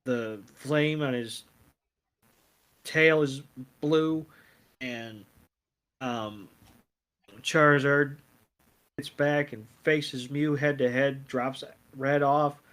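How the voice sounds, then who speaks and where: A man co-hosting a casual podcast, recapping scenes in a rambling way with dry, deadpan quoted lines. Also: mid-range voice, extremely slow, long pauses, smooth. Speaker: podcast co-host.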